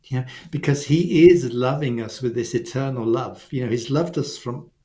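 A man's voice: mid-range voice, normal speed, mellow. A man co-hosting a faith webcast, explaining scripture and acting out quoted lines with expression. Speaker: webcast co-host. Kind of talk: teaching faith conversation.

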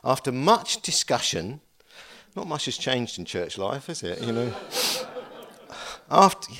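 Animated male preacher, lively pitch. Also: normal speed. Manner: animated, chatty preaching with asides. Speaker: pastor. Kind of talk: sermon.

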